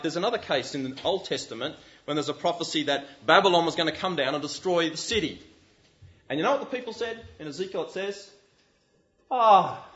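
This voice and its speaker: Animated male preacher, muffled recording. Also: on the high side. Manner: animated, full of rhetorical questions. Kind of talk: sermon.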